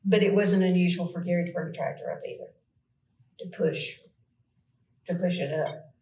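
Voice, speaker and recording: A woman's voice: fairly low pitch, steady tone, normal speed, warm tone, roomy sound, low-quality recording. A woman with a Southern US accent, answering questions in a police interview, rambling and hesitant with many fillers.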